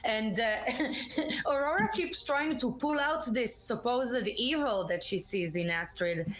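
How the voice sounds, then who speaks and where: A woman's voice: fairly high pitch, expressive, a little slow, fairly bright tone. Playful young woman co-hosting a stream. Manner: playful, joking, laughs often. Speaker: co-host of a live interactive show. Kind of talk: casual live-stream chat.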